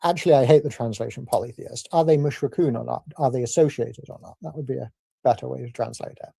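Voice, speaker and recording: Man, debate rebuttal, measured and argumentative, gravelly voice, dry close sound. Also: medium pitch, dark tone, dry recording.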